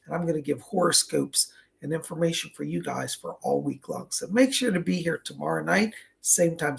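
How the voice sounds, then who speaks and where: A man hosting a psychic livestream, chatty and effusive, his voice raspy and strained from a cold. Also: on the high side. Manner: chatty, effusive, greets viewers by name. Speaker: psychic medium livestream host. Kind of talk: casual livestream chat. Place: indoors at a table.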